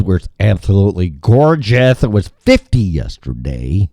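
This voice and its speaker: Profane, rambling talk show host. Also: male voice, low-pitched, sing-song, normal speed, hardly any pauses, warm tone, dry recording, studio quality. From American Midwest. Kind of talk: casual talk show chat.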